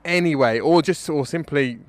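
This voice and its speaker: A man's voice: a little high, moderate pace. A man, giving a wry, rambling spoken dispatch as a correspondent. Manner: wry, rambling, self-mocking.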